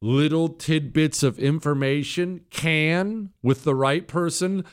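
A man's voice: a little high, slow pace, clear, resonant tone. A man hosting a talk show, giving an emphatic, opinionated monologue in answer to listener questions, with frequent restarts.

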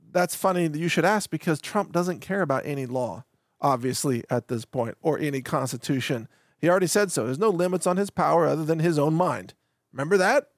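A man's voice: a little high, no echo, studio quality. A man hosting a political commentary show, talking in a mocking, rambling way and laughing often. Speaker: podcast host.

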